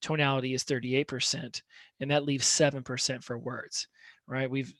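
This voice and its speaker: A man's voice: mid-range voice, little pitch movement, moderate pace, fairly bright tone, dry recording. A man coaching on communication in a conversational instructional talk, often checking in with "right?". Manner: conversational, peppers points with "right?".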